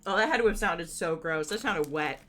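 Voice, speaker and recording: A woman's voice: fairly low pitch, a little fast, a bit bright. A woman streaming from home, chatting casually with her viewers, giggling often and rambling through lots of fillers. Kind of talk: casual live-stream chat.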